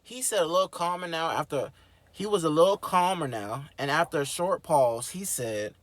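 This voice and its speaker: Host, male, somewhat high voice, reads a book then riffs with slang and cursing; dry close sound. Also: moderate pace, no echo. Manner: animated, slangy, swears freely. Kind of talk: reading a book aloud with commentary.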